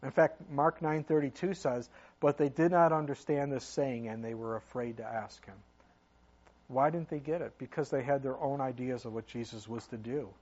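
A man's voice: medium pitch, fairly even intonation, moderate pace, a little mellow, highs cut off. A man preaching a sermon as pastor, talking in an earnest, conversational way with many fillers.

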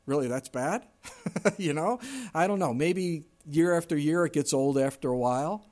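A man's voice: fairly high pitch, moderate pace, a little mellow. A middle-aged man preaching a sermon in a conversational way, now and then acting out whiny complaints in a raised voice. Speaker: pastor.

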